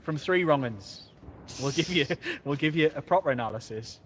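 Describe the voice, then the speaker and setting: A man hosting a football fan live stream, chatting and joking casually from pitchside at a stadium. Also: animated, normal speed, slight background noise. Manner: chatty, jokey, rambling. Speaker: host of a football fan channel.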